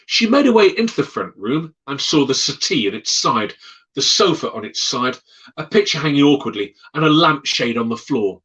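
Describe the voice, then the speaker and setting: Animated storyteller, bright voice. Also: male voice, mid-range voice, moderate pace, rough recording. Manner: dramatic, animated, acts out voices. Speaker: storyteller guest. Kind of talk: spoken ghost storytelling.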